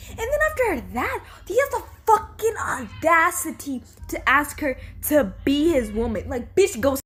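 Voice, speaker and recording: A woman's voice: high voice, very animated, normal speed, few pauses, fairly bright tone, faint music behind. A young woman ranting profanely and indignantly in a casual vlog, filmed at home on her camera. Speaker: vlogger.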